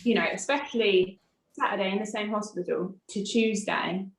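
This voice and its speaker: A woman's voice: medium pitch, moderate pace. A woman, a podcast guest telling a personal story frankly and animatedly. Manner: animated, frank, acts out quoted dialogue. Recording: roomy echo.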